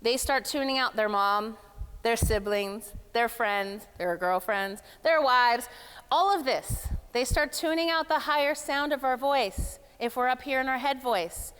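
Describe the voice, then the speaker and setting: A woman speaking with a raised, smooth and resonant voice in a large, echoing hall. She talks in a lively and playful way, casual and direct with the crowd. Long reverb trails after her words. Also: fairly high pitch, unhurried. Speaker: speaker at a summit. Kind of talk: energetic motivational workshop talk.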